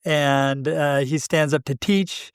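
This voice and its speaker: A man co-hosting a podcast, talking through spiritual ideas in a thoughtful, unhurried way with frequent pauses. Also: fairly high pitch, clear, resonant tone, dry recording, clean studio sound. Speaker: podcast co-host. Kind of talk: reflective spiritual conversation.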